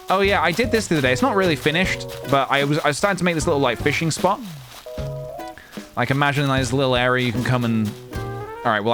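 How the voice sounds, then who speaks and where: A man streaming a video game, chatting casually in a playful, rambling way with lots of jokes. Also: mid-range voice. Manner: playful, rambling, jokey, many restarts. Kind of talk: casual gameplay chat.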